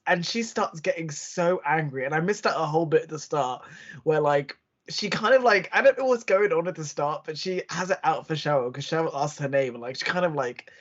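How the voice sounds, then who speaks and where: A man's voice: a little high, a little fast, a bit bright, highs cut off. A man co-hosting a podcast, chatting casually and acting out quotes as he tells a story. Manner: chatty storytelling, acts out quotes, laughs often. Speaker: podcast co-host. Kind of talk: casual chat.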